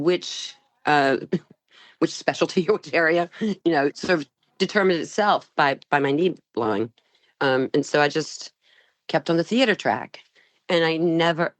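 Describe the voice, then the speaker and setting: Older actress guest, low-pitched and dry-miked, animated anecdotes full of laughs. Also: female voice, dry recording. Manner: animated, laughs often, restarts. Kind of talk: storytelling interview.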